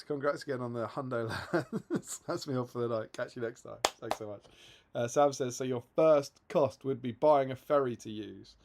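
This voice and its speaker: A man co-hosting a hobby live stream talks casually at an everyday pitch. He reads viewer comments aloud in a chatty, amused way and laughs often. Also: vocal fry. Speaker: livestream co-host.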